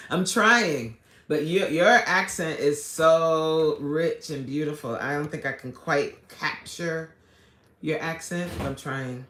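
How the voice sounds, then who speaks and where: A woman's voice: sits low, slow pace, a bit bright. Chatty woman coach reading her live chat. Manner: chatty, reads viewer comments aloud and answers them. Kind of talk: casual live-stream chat. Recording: echoey room.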